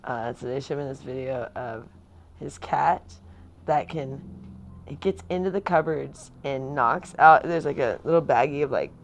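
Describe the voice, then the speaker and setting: A woman's voice: a bass voice, unhurried, a little hiss or hum. A woman vlogger in casual chat, rambling and chatty with lots of fillers.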